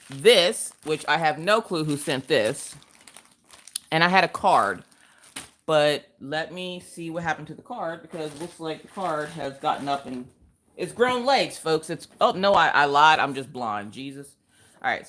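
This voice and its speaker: A woman's voice: sits low, animated, normal speed, a bit bright. A woman, hosting a casual live craft stream, greeting viewers by name and laughing often.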